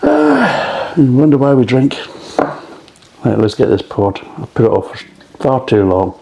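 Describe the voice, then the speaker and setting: A man's voice: mid-range voice, unhurried, dark tone, slight background noise, rough recording. A middle-aged man with a Scottish accent reviewing beer in a blunt, grumbling way and swearing often.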